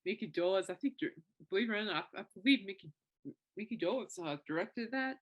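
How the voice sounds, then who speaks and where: A woman's voice: mid-range voice, expressive, fast, lo-fi sound. A woman in her thirties talks alone on her podcast in a loose, rambling way. Her sentences keep circling back through fillers and restarts, and her feeling shows through. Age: 30s. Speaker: podcast host. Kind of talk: casual solo podcast talk.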